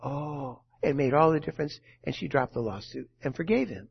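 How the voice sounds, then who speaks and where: A man delivers an earnest sermon in a husky, high voice. He pushes some lines out loudly and lets others fall to a near hush. The recording sounds a little dull and lo-fi. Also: lively intonation, a little fast, few pauses. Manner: earnest, swings from loud emphasis to hushed, quiet lines. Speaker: preacher.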